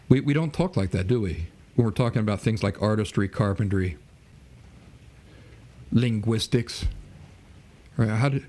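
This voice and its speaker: The host's voice is fairly low and dark, with big pitch swings, normal speed and long pauses. Lecturing alone on his podcast, he poses rhetorical questions and acts out imagined dialogues.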